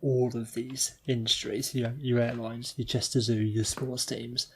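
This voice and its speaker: British male podcast co-host, gravelly, husky, wry and sweary. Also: medium pitch, flat delivery, normal speed. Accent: British English. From Britain. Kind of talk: casual chat.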